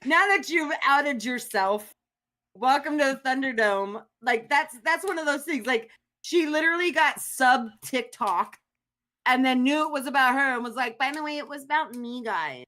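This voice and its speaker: A woman co-hosting a casual podcast, rambling on with sarcastic, profane asides. Her voice is somewhat high, with a bright, sharp edge. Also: moderate pace. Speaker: podcast co-host.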